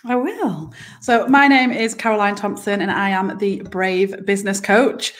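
Animated northern English woman coach. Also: medium pitch, measured pace. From northern England. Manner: emotional, animated, laughs easily. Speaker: business coach guest. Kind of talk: casual interview chat.

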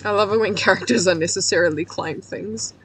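A woman streaming a game, her voice going hoarse, rambling in a self-mocking way, cracking puns and laughing at herself. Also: medium pitch, fairly quick, a bit bright. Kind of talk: casual let's-play commentary.

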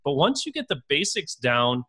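A man's voice: a little high, big pitch swings, moderate pace, sharp tone, husky. A man hosting a podcast, chatty and upbeat, telling stories and leading the conversation. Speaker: podcast host. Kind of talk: casual interview chat.

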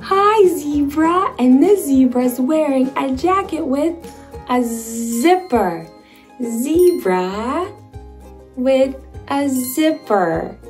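Slow, sing-song woman teaching toddlers. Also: sits high, animated, a little mellow, faint music behind. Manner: slow, sing-song and playful, with silly animal sounds. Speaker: children's video presenter.

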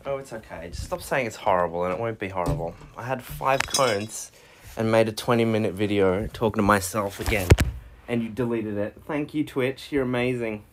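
A man streaming live, ranting in frustration, swearing, and jumping into high-pitched yelling. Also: moderate pace, noisy background.

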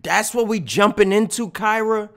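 A young man streaming live and reacting to a dating show, loud and teasing, full of slang. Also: sits high, moderate pace, soft background music.

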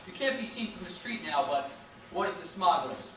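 On a school stage, a young man with a high, bright, forceful voice plays a nervous, blustering city policeman, flustered and rambling at normal speed with lively intonation. The echoey recording is captured from far off, with slight background noise.

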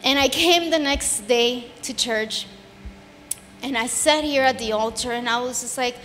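High-voiced woman giving an earnest church testimony. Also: unhurried. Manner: earnest and emotional, rising into fervent preaching. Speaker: testimony speaker at a church service. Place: church sanctuary. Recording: long hall reverb with soft music behind.

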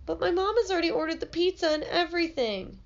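A woman's voice: very high voice, quick pace, gravelly, pitched above the performer's own voice. A woman voicing a hurt young boy pleading with his friend, read from a storybook in a slightly muffled recording.

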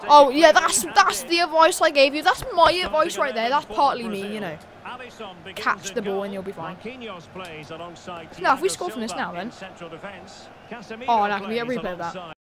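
A man casually chatting while playing a football video game, excitable and prone to sudden shouts. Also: extremely high pitch, normal speed, long pauses, a crowd in the background. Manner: excitable, chatty, bursts into shouts at big plays. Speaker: gaming streamer. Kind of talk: casual let's-play gaming chat. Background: game music and stadium sound.

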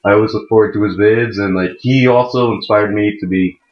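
A man's voice: fairly low pitch, fairly even intonation, brisk. A young man of about eighteen hosting a let's play, giving chatty, rambling commentary that keeps correcting itself. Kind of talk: casual gameplay commentary. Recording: muffled mic in a wrong jack, echoey room. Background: faint game music.

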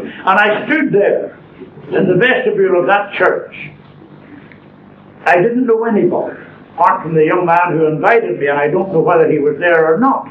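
Older preacher in an echoey church. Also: male voice, sits high, slight background noise. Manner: earnest, storytelling, slow deliberate emphasis. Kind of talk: sermon testimony. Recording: echoey lo-fi phone-band church recording from far off.

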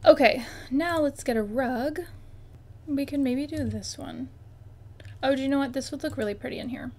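Her voice sits high and moves at normal speed as this young YouTuber gives casual commentary on a life-sim game. She's bubbly, full of exclamations, and frequently talks right to the things on her screen.

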